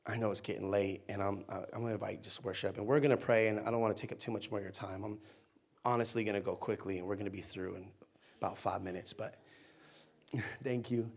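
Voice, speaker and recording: A young male pastor preaching in an easy, conversational way. He tells playful stories, rising loud and excited, then drops to a soft, hushed tone. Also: fairly low pitch, fast talker, slightly rough. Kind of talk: sermon.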